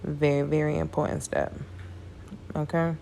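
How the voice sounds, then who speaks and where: A woman's voice: deep voice, level tone, moderate pace, gravelly, mellow, a little hiss or hum. A tired woman giving a casual, chatty hair braiding tutorial, talking her viewers through each step. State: tired, yawning.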